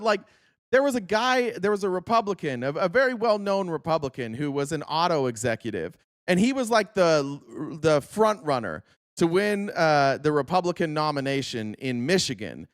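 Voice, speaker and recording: A man live-streaming, arguing his points in a quick, rapid-fire rant. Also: on the high side, no echo, studio quality.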